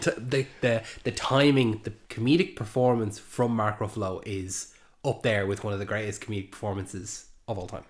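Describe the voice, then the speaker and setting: A man's voice: on the low side, fairly even intonation, normal speed. A man co-hosting a podcast, talking about a film in an enthusiastic, rambling way with many fillers. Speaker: podcast co-host. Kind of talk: casual film discussion.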